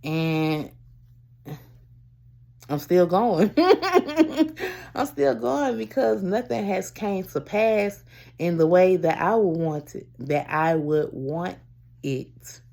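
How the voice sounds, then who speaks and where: A woman vlogger telling a personal story to camera in a rambling, halting way, often calling her viewers y'all and breaking off to restart. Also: low-pitched, vocal fry, dark tone. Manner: restarts and trails off.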